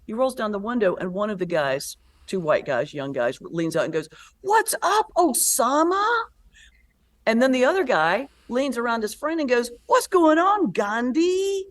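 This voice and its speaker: A woman's voice: mid-range voice, brisk, few pauses. A woman pastor and comedian, a guest in a conversational interview, telling stories and acting out the voices in them. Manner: lively storyteller who acts out quoted voices.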